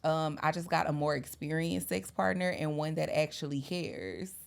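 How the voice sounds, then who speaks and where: A woman in her thirties with a slightly low voice talks things through in a relaxed, thoughtful way. Her speech is loose and casual, full of little fillers. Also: moderate pace, gravelly. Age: 30s. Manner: relaxed, reflective, uses many fillers. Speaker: podcast guest. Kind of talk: casual chat.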